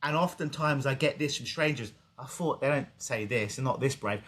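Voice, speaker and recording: A man's voice: medium pitch, normal speed, few pauses. A man who is a clinical hypnotist, talking casually on a podcast interview over a video call and acting out the voices of people he quotes. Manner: animated storytelling, acts out quoted voices.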